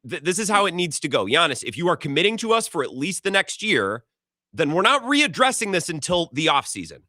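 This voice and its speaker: A man hosting a call-in sports radio show, talking in an animated, rambling way as his voice swings widely in pitch. His tone is bright and forceful, and the sound is close and dry in the studio. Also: dry recording. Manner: animated, rambling, quick restarts. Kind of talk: casual sports talk radio.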